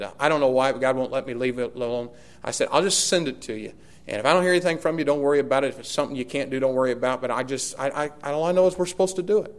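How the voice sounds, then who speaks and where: A man, a pastor preaching a sermon and telling a story with lively, emphatic repetition. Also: fairly high pitch.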